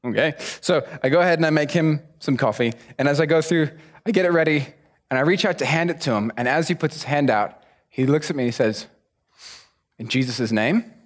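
A young man delivers a sermon as a lively story, acting out the other people's voices. His voice sits fairly high. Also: fast. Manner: animated storyteller, acts out voices. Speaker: preacher.

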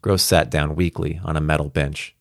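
A man's voice: extremely low pitch, steady tone, moderate pace, vocal fry, no room sound, studio quality. A man reading a science fiction story aloud and then chatting casually about it, with fillers and laughs. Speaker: audiobook reader. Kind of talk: story narration and casual commentary.

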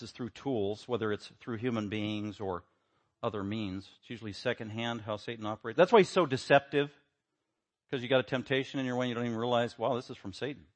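A man preaching a sermon, emphatic, building to loud rhetorical questions. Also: medium pitch. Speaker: pastor.

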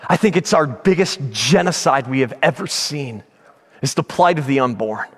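A middle-aged man preaching a sermon, telling a personal story with passion, dropping to a hush and then rising to shouts. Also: mid-range voice, expressive, normal speed, husky, long reverb tail. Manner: impassioned storytelling, swings from hushed to shouting. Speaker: pastor.

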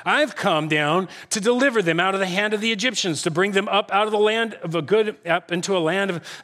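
Man, pastor, sermon, high voice, bright tone, animated delivery. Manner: animated, acts out God's voice and quotes. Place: church sanctuary with congregation.

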